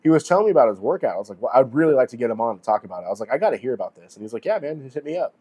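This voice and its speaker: A man in his forties co-hosting a podcast, telling stories in a casual, animated way, swearing freely and acting out what people said. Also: mid-range voice, very fast, breathy edge. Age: 40s. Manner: animated storyteller, heavy swearing, acts out quotes. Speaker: podcast co-host. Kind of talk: casual chat.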